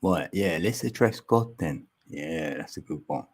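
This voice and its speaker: Husky low-voiced man, chatty. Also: expressive, unhurried. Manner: chatty, laughs often, rambling musings. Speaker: livestream host. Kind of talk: casual chat with viewers. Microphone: mic on an arm extension.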